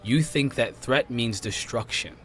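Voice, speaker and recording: Bright-voiced rambling podcast host man. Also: medium pitch, measured pace, soft background music. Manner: rambling, restarts sentences often. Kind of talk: casual conspiracy podcast chat.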